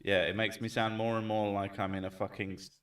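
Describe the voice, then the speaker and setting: A man chatting casually and jokingly on stream, swearing now and then and throwing in loud bits. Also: fairly low pitch, flat delivery, fairly quick. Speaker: streamer host. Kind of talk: casual chat. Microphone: desk mic set back from him. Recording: echoey room, far from mic.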